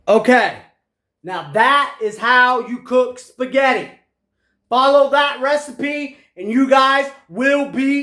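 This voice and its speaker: A man's voice: extremely high pitch, a bit bright. A man hosting a casual cooking vlog, chatting straight to his viewers as he eats. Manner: chatty, addresses viewers directly. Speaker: cooking channel host.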